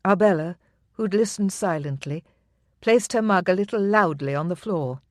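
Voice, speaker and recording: An audiobook narrator reading a historical romance in measured, even storytelling. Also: mid-range voice, no echo, studio quality. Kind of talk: scripted narration.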